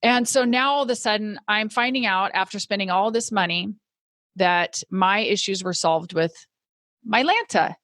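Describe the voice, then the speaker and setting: A middle-aged woman in a mid-range voice tells her own story as a podcast host, earnest and reflective. She slows down on the words she wants to land. Her voice is close to the mic and dry, with no room sound. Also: mid-range voice, a bit bright, no room sound. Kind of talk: personal storytelling monologue.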